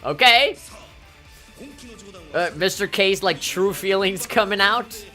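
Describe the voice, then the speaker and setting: A woman giving casual, animated gameplay commentary, swearing often and breaking into mock-indignant outbursts. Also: mid-range voice, slow pace, faint music behind. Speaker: let's play commentator.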